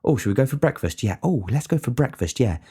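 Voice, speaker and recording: A man putting on the voice of a picky, entitled restaurant customer in a whiny, higher voice. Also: big pitch swings, fast, mellow, husky.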